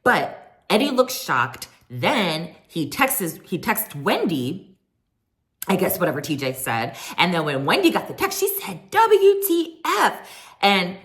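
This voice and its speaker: Low-voiced sassy woman recapping TV. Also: a little slow. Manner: chatty and sassy, quoting people in animated voices. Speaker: reality TV recap host. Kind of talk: casual chat recap.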